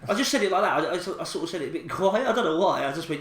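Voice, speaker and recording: A man's voice: high voice, animated, very fast, fairly bright tone. A man, telling a rambling anecdote on a podcast with lots of laughs and restarts. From England. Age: 20s. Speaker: podcast co-host. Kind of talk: casual chat, telling an anecdote. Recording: echoey room with faint ambient noise.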